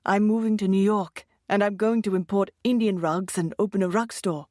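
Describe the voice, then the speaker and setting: A woman's voice: mid-range voice, steady tone, moderate pace, darkish tone, dry recording, clean studio sound, lightly acted. A woman voicing an eager, reassuring young husband who talks with upbeat enthusiasm. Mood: enthusiastic.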